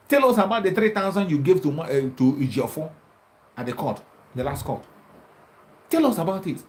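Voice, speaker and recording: An activist commentator delivers an impassioned political monologue, combative and taunting, repeating himself as he challenges his opponents. His voice is medium-pitched and a little mellow, caught on a rough recording with slight background noise.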